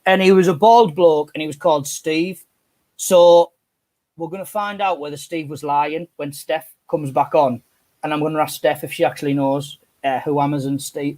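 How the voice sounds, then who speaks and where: A man's voice: fairly high pitch, a little mellow. A man, chatting and telling sweary stories as co-host of a live stream on an earphone mic. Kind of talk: casual chat.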